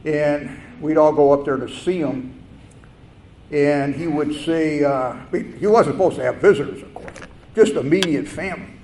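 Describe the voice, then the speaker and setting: An older man telling a personal story at a recovery meeting, halting and reflective, with fillers and restarts. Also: on the high side, darkish tone. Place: meeting hall. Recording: echoey room with faint noise.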